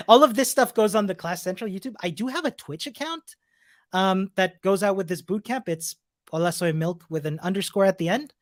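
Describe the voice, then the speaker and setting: Wrapping up his live coding class, a bootcamp teacher answers questions from viewers with upbeat encouragement and easy chatter, laughing often and restarting his sentences. His high, fairly bright voice comes through in a dry, studio-quality recording.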